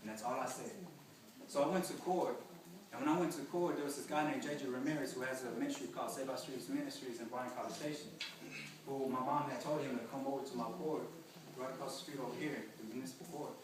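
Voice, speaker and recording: A man's voice: mid-range voice, steady tone, quick pace, noisy background. A young man giving an earnest personal testimony to a group, talking plainly and often saying "you know.". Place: large echoey hall with an audience. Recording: very echoey hall, distant mic, crowd behind.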